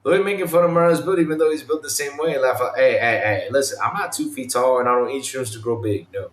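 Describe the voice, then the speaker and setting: A man hosting a casual gaming podcast, animated, imitating game sounds and swearing casually. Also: mid-range voice, fast, roomy sound. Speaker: podcast host.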